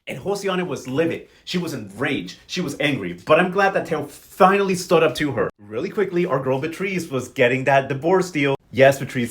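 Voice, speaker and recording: A young man giving a casual, gossipy recap of a soap opera, full of sassy slang and quick asides. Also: fairly high pitch, lively intonation, fairly bright tone. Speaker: recap vlogger.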